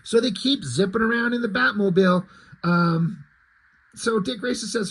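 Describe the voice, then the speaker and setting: A man's voice: high voice, normal speed, a bit bright, slightly rough, rough recording. A man reviewing a comic book in casual commentary, sarcastic and profane, with frequent asides.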